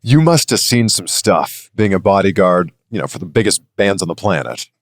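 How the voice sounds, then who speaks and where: A man's voice: sits low, expressive, normal speed. A man hosting an interview, asking eager, prompting questions. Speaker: interview host.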